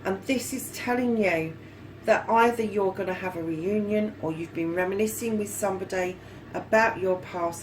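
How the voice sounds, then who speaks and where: A woman's voice: mid-range voice, a little hiss or hum, poor audio. A woman giving a casual tarot reading, chatty and fond, calling her viewers darlings and lovelies and swearing now and then. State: hot and yawning. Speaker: tarot reader.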